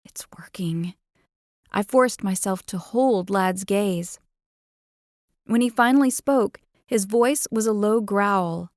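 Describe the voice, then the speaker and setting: A woman narrating a first-person romance audiobook in an expressive, playful way, on a close studio mic. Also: medium pitch, slow pace, no echo.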